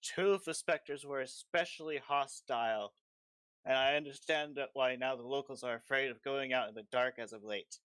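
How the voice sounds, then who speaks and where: A man's voice: mid-range voice, a bit bright, clear, resonant tone, no room sound, natural voice. A man playing a rain-soaked, shaken but polite male messenger in a tabletop game, who rambles and halts. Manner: rambling, halting.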